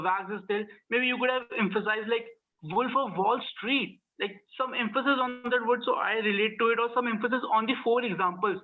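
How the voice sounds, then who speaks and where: High-voiced man evaluating a speech. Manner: hesitant, restarts often. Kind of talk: online club speech evaluation. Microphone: video call. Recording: tinny phone-like line.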